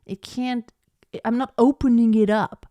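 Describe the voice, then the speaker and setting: A woman's voice: fairly high pitch, fairly even intonation, unhurried, warm tone, no echo. A woman voice teacher giving a live singing lesson, explaining technique and breaking into short sung demonstrations.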